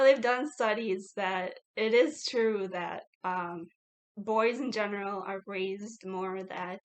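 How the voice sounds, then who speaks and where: Woman vlogger, unhurried, mid-pitched, filler-heavy confessional chat. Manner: reflective, heavy "like" fillers, laughs between thoughts. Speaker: YouTuber. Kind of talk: casual confessional vlog talk.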